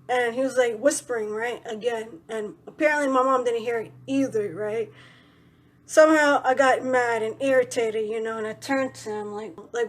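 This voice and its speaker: Rambling young woman vlogger, higher voice. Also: fairly even intonation, normal speed. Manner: rambling, fills with "you know" and "right". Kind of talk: casual storytelling to camera.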